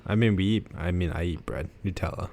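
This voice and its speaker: A young man with a deep voice co-hosting a casual podcast from his living room, speaking in a dry, laid-back, deadpan way. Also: a little fast. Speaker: podcast co-host. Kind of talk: casual chat.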